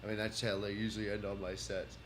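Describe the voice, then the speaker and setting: Speaking fast in a fairly low voice with little pitch movement, a Texan comedian rambles through his notes on a livestream, repeatedly starting over. It's a casual monologue with a bit of hum in the background.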